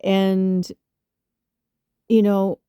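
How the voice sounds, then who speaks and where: Rambling, profane woman with a mellow voice. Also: mid-range voice, little pitch movement, drawn-out words, smooth, dry recording, studio quality. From Chicago suburbs, US Midwest. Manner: rambling, profane, frequent fillers and laughs. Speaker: spiritual medium podcast host. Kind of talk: casual storytelling monologue.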